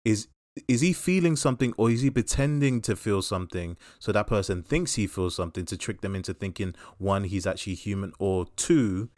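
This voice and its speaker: Low-voiced man reviewing a film. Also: lively intonation, brisk, a little mellow, no room sound, studio quality. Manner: rambling, thoughtful, frequent fillers and restarts. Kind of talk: casual podcast chat.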